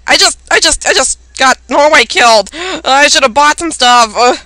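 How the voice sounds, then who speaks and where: A woman hosting a let's play, commentating and reading game dialogue aloud, excitable and prone to shrieks. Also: high voice, normal speed, dry recording. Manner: excitable, squeals and shrieks at surprises.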